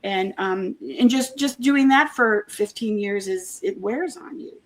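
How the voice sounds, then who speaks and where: A woman being interviewed, talking earnestly in a halting way, with many restarts and homely comparisons. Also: medium pitch. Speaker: interview guest, former member of a church group. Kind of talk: casual conversational interview.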